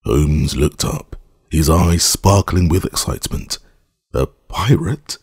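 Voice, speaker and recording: A man reads an audiobook in a measured, formal manner. His voice is extremely deep with a husky, gravelly texture. The recording is close and dry. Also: no room sound. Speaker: narrator. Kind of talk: scripted audiobook narration.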